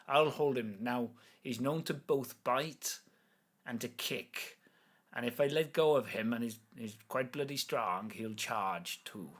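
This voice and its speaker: A man's voice: mid-range voice, measured pace, fairly bright tone. A man doing a blunt Irish hill farmer. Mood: gruff. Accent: Irish attempt. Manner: blunt, rough, swearing. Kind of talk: tabletop role-play voice.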